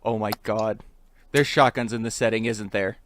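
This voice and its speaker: A man's voice: fairly low pitch, fairly even intonation, normal speed, a crowd in the background. A man playing a tabletop role-playing game over voice chat, joking and playful. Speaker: player.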